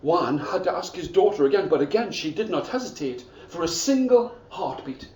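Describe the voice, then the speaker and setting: Male storyteller for schoolchildren, expressive, gets the kids to join in, distant mic in an echoey school room. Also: high voice, moderate pace. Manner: expressive, asks the audience to join in.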